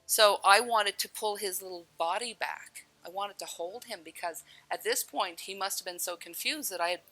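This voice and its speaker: A woman with a mid-range, bright, forceful voice speaks at normal speed, bluntly and candidly recounting her near-death experience as personal testimony. She swears now and then and laughs at herself, and the recording is rough.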